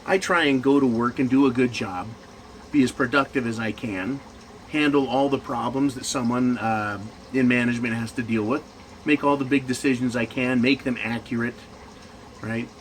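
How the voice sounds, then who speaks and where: A man's voice: medium pitch, fairly even intonation, normal speed, slight background noise, rough recording. A man in management ranting crudely and mockingly in a profane monologue. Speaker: commentator.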